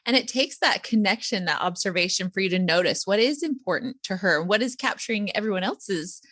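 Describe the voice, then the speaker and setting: A woman's voice: mid-range voice, animated, brisk, a bit bright, no room sound, clean studio sound. A woman hosting a podcast interview, reflecting in an encouraging, conversational way. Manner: encouraging, frequent backchannels. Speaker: podcast host.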